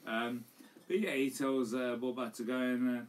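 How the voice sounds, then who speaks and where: A man's voice: medium pitch, fairly even intonation, normal speed. Man, tipsy podcast co-host, rambling, swears, distant mic, faint room noise. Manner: rambling, swears, lots of fillers. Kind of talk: casual drunk chat. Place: home live stream.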